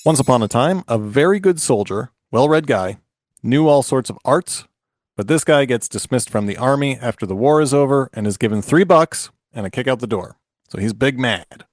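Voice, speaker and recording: Expressive and mid-range, this man in his forties speaks at normal speed while retelling a fairy tale for laughs on a podcast. It's casual chat and comic storytelling, full of jokes, frequent laughter, and many restarts, recorded dry with clean studio sound.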